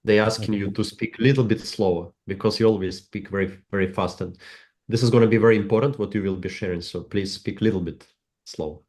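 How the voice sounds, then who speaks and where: Man co-hosting a group call, lower voice, halting delivery. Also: steady tone, darkish tone.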